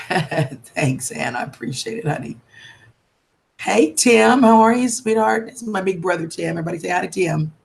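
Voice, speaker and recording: A woman's voice: fairly low pitch, animated, normal speed, vocal fry. A woman chatting on a live stream, greeting viewers as darling and sweetheart in a chatty, heartfelt way. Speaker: livestreamer. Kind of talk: casual live-stream chat.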